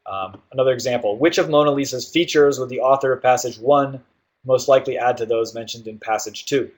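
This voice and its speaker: Male tutor, mid-pitched, explains test prep casually with lots of "um" and "right?". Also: fairly quick. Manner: explanatory, with frequent fillers and "right?" check-ins. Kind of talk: guided test-prep walkthrough.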